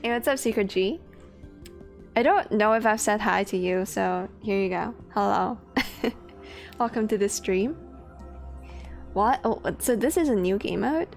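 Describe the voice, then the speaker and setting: While gaming on stream, a young woman greets her chat in a creaky, medium-pitched voice with lively intonation, a measured pace and long pauses. She rambles, swears and laughs casually as faint game music plays.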